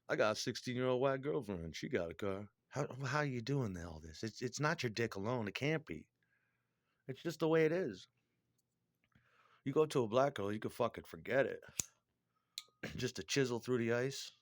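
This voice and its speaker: A man's voice: medium pitch, expressive, moderate pace, long pauses, no echo, studio quality. A middle-aged man delivering a crude, profane, rambling monologue.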